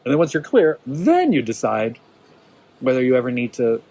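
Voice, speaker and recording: A man of medium pitch leads a small-group workshop at normal speed, his darkish voice swooping wildly up and down. Casual, encouraging and conversational, he keeps asking "right?" as he checks in with everyone. The recording is rough.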